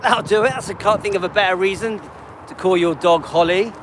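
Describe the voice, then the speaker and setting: A man's voice: sits high, brisk, background noise. A man in his late fifties chatting casually on a livestream while walking his dog, rambling and talking to viewers by name. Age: 50s. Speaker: livestream host.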